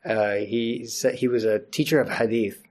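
Here a middle-aged imam gives a relaxed Friday sermon in a medium-pitched, darkish voice at a moderate pace. He keeps things chatty, laughing frequently and making asides that mock himself.

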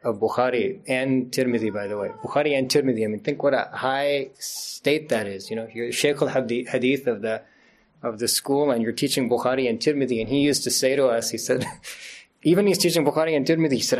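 A man's voice: medium pitch, fairly quick. A middle-aged man giving an informal Friday sermon as an imam, chatty and laughing often at himself. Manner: chatty, laughs often, self-deprecating asides.

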